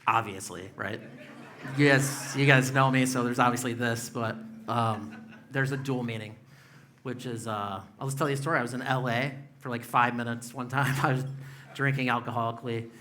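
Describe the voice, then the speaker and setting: A man in his fifties rambles through a stand-up set with a bright, forceful edge to his voice. His delivery is loose and full of fillers and curses, and a faint hum of room noise sits behind him. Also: mid-range voice, fairly even intonation, normal speed. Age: 50s. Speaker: stand-up comedian. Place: comedy club stage.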